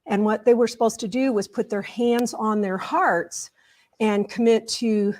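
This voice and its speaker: A woman's voice: fairly high pitch, steady tone, measured pace, a little mellow. A woman guest in an interview, retelling a conversation step by step. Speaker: guest, culture change consultant. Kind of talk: storytelling in an interview.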